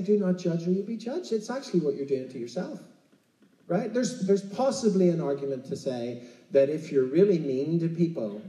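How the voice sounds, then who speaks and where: Heard off mic in a roomy setting, a man from Ireland delivers a relaxed, conversational sermon. His voice is mellow and on the high side, and he keeps tossing in "right?".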